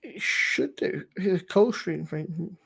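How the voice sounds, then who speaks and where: A man's voice: high voice, slow, vocal fry, a bit bright, husky. A middle-aged man hosting a casual livestream, chatting with loose, sweary banter and frequent laughs. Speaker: livestream host. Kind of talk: casual chat.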